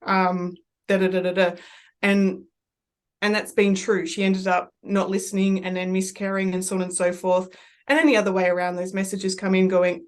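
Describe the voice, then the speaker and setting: An Australian woman, a medium, talks in a loose, rambling way. Her storytelling is animated as she chats casually on a podcast. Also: medium pitch, moderate pace.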